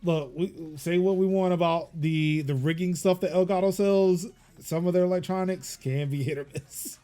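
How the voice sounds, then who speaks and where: A man hosting a casual podcast, bantering quickly and laughing often. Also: sits high, dark tone, clean tone, faint music behind. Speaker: podcast host. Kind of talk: casual chat.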